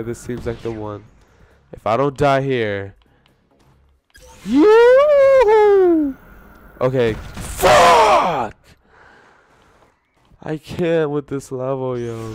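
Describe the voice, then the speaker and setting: A man's voice: mid-range voice, darkish tone, a little hiss or hum. A young man giving gameplay commentary, frustrated and swearing, with sudden yelps between muttered remarks. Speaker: gamer.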